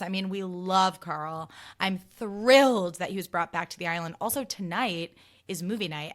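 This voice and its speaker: A young woman talks through her solo podcast in a casual, gushing stream. Her voice is bright and forward, mid-pitched, and she leans on "like" and drops swear words freely. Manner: gushing, chatty, heavy use of "like", swears freely. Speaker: podcast host.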